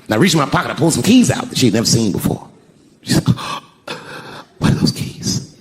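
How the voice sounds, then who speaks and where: A middle-aged man doing stand-up storytelling on stage, shouting some punchlines high. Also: big pitch swings, very fast, breathy edge. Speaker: stand-up comedian. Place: stage before a live audience. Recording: noisy live stand-up room. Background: audience laughter.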